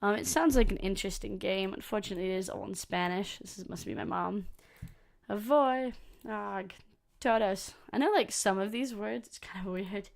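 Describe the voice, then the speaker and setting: A woman's voice: medium pitch, normal speed, creaky. A woman hosting a let's play, reading a visual novel aloud and breaking off for casual, sweary asides. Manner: casual, sweary asides between read lines.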